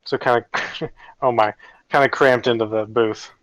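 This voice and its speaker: A man narrating as game master of a tabletop game over a video call, casual with quick asides. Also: mid-range voice, fairly even intonation, dry recording, muffled recording.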